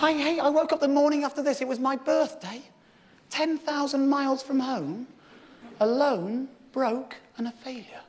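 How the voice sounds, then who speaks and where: A man telling a true story on stage in a live stand-up show, sweary and blunt with the crowd, moving between shouted rants and quiet confessional lines. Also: extremely high pitch, fairly quick, long reverb tail, noisy background. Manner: sweary and confrontational toward the audience. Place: theatre stage with live audience.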